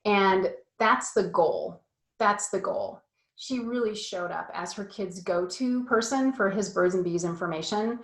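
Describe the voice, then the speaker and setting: A woman's voice: mid-range voice, unhurried, reverberant. A woman coaching parents in a casual, chatty talk full of fillers and asides. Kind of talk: casual online course talk.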